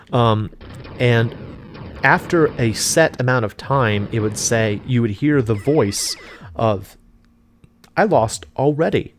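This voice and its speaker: A man hosting a casual let's play of retro games, rambling and forgetful with lots of fillers. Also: medium pitch. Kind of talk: casual gameplay commentary.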